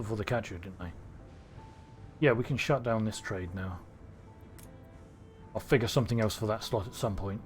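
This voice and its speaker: Rambling English man streaming a game. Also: on the low side. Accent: neutral southern English. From Cornwall, England. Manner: rambling, thinking aloud, self-questioning. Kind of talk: casual gameplay commentary.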